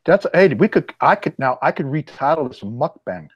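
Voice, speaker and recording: A man's voice: a little high, very animated, normal speed, no echo, highs cut off. A man hosting a casual chat, telling laid-back joking stories. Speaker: host.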